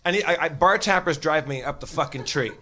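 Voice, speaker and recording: A man's voice: on the high side, a little fast, a crowd in the background. A man on a live comedy podcast, telling a rambling, profane story full of stammered restarts. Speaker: podcast regular. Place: live show on stage.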